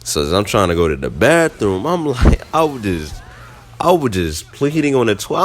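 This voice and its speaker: Deep-voiced man telling a story. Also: normal speed, a little hiss or hum. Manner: animated, slangy, jumps into high squeaky reenactments. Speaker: storytime vlogger. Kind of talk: casual storytelling.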